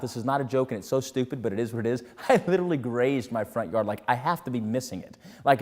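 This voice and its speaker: A man's voice: mid-range voice, darkish tone, long reverb tail. A man hosting a motivational talk, telling casual, self-mocking stories about his daily routine. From Texas. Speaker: host.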